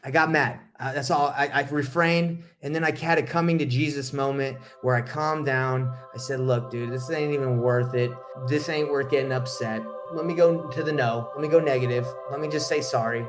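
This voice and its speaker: A man's voice: mid-range voice, steady tone, normal speed, few pauses, over music. A man coaching on real estate wholesaling, telling a story to camera in a blunt, slangy, heated way.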